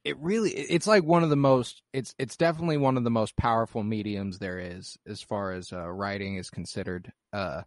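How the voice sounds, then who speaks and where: A male podcast co-host talks through a film in a loose, animated way, restarting his sentences and swearing now and then. His voice sits a little low, and it sounds dry and close to the mic. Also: a little fast, few pauses, no room sound. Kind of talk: casual film discussion.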